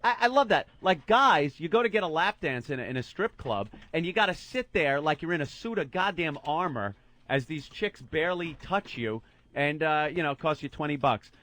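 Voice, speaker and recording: A man with a fairly high-pitched voice speaks at a moderate pace, co-hosting a radio show through a studio microphone. In casual conversation he animatedly tells a crude story, acting out each quote.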